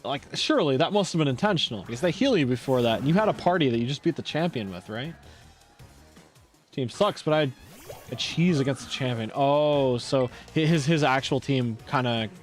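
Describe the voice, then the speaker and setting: A male streamer chatting casually while playing a game, rambling and lively. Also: medium pitch, brisk, soft background music. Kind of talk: casual gameplay chat.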